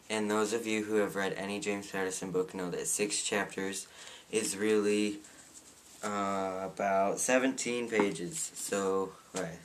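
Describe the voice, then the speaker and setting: Teenage guy, lowish voice, casual sarcastic book-review vlogger. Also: slight background noise. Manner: opinionated and sarcastic.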